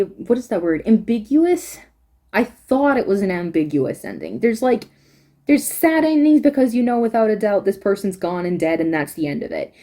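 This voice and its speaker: A woman's voice: mid-range voice, mellow. A woman giving a casual spoken review, rambling and emphatic, repeating words for stress, and close to tears. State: tearful, close to crying.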